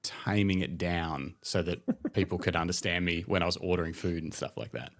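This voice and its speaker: A man's voice: low voice, brisk, gravelly. A man with an Australian accent co-hosting a podcast, an eager fan who laughs easily. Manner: enthusiastic fan, laughs readily. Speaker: podcast co-host. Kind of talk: casual podcast chat.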